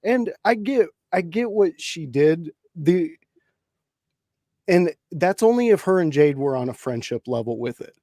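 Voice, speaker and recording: A man's voice: a little high, lively intonation, a little slow, dark tone, no echo, clean studio sound. A man co-hosting a casual livestream chat, talking thoughtfully and hesitantly with many fillers. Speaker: podcast co-host.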